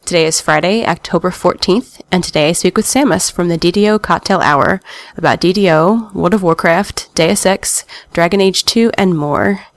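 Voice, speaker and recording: A woman hosts a gaming podcast in a chatty, casual way, slipping wry asides into the news she reads. Her voice sits a little low for a woman. The sound is dry and close, with no room around it. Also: moderate pace, dry recording. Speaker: podcast host.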